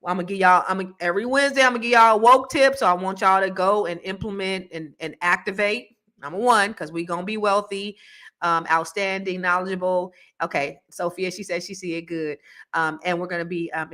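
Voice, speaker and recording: A woman's voice: lowish voice, fairly even intonation, a little fast, pushed and bright. A woman hosting a casual livestream chat, reading viewer comments and talking bluntly, with cursing and heated rants. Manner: blunt and profane, swings between mumbling and heated ranting; reads viewer comments aloud. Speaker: host.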